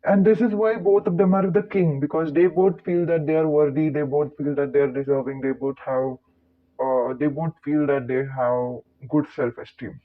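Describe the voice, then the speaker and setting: A man's voice: a little high, fairly even intonation, normal speed. A man hosting his own vlog. He talks casually to camera, chatty and digressive, with playful asides. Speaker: channel host. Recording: tinny phone-like sound.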